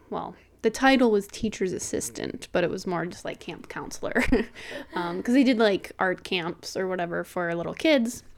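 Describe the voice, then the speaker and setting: Rambling young woman, casual podcast chat. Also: mid-range voice. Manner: rambling, filler-heavy, laughs easily. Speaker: podcast co-host.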